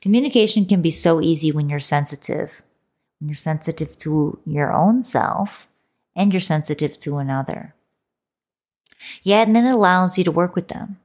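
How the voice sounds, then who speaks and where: Woman, low voice, podcast host, motivational solo talk, playful, coaxing, soft whispers at times. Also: moderate pace. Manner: playful and coaxing, calls the listener baby, drops to soft whispers.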